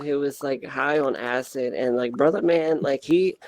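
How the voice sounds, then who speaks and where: A man's voice: on the high side, moderate pace, hardly any pauses, a little mellow. A man hosting a casual talk show, telling rowdy, crude stories and swearing a lot while he laughs. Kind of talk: casual chat, rowdy storytelling. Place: virtual reality social space.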